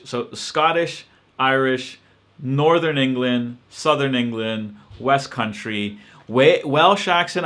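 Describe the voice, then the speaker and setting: Male host, middle pitch, bright tense voice, thinks aloud with frequent fillers. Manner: hesitant, many ums and restarts, reflective. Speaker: channel host answering live-stream questions. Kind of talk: casual live-stream Q&A.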